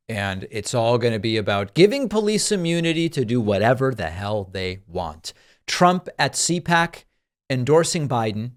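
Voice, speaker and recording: Sarcastic male political commentator. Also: mid-range voice. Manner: sarcastic, dry. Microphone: studio microphone.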